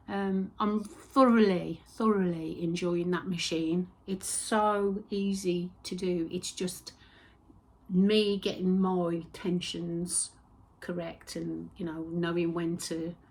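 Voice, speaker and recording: Husky lady rambling on about her crafts, slow and easy, drops to a whisper now and then. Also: fairly low pitch. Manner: chatty and rambling, with soft whispered asides. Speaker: host of a knitting and spinning podcast. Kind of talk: casual chat.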